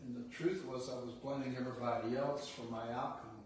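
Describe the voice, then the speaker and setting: A man's voice: mid-range voice, steady tone, brisk. An older man giving a blunt, folksy motivational talk, laughing often as he tells stories. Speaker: real estate CEO giving a talk. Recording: echoey room, distant mic, faint noise.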